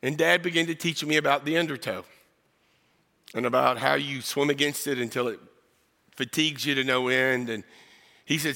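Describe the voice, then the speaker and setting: A man's voice: medium pitch, moderate pace, gravelly, long pauses, sharp tone, big-room sound. A man from South Texas, preaching as a guest pastor and telling a personal story in a folksy way that jokes with the congregation. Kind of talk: storytelling sermon. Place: church sanctuary.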